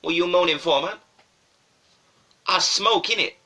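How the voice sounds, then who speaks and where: A man doing a loud, cocky schoolboy. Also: sits high, moderate pace, exaggerated voice. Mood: scoffing. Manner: loud, slangy, dismissive. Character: cocky teenage schoolboy smoker.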